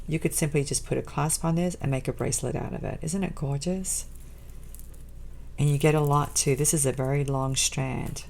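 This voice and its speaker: Low, gravelly-voiced woman gushing over an unboxing. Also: mellow, a little hiss or hum. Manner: gushing, enthusiastic, addresses viewers as guys. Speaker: jewelry designer and channel host. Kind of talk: casual unboxing vlog.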